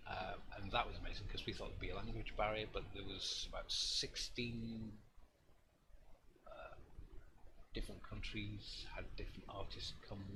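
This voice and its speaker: A man, an artist hosting a live stream, telling a story in a rambling, self-deprecating way with lots of restarts. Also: low-pitched. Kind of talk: casual storytelling chat. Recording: noisy room ambience.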